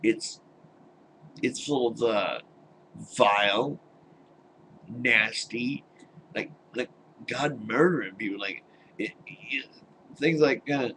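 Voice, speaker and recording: A man's voice: mid-range voice, slow pace, pauses often, a bit bright, a little hiss or hum, low-quality recording. An older man ranting into his webcam at home, blunt and exasperated, swearing and scoffing in disbelief. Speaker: webcam vlogger. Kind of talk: angry personal rant.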